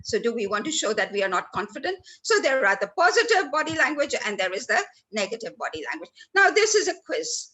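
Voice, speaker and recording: A woman runs a workshop session. Her voice sits a little high and swoops up and down as she hits important words. She talks straight to the people in front of her, sometimes calling them by name. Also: a little fast, few pauses, rough recording. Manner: animated, stresses words for effect, addresses listeners by name. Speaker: workshop trainer. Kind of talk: lively training talk. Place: lecture hall.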